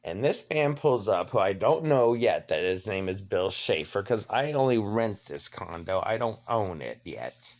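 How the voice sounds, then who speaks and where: A man's voice: mid-range voice, sing-song, normal speed. Indignant profane middle-aged man ranting. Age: 50s. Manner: profane, indignant storytelling that acts out both sides of a dispute. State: limping, needs knee replaced. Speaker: vlogger. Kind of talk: angry personal rant.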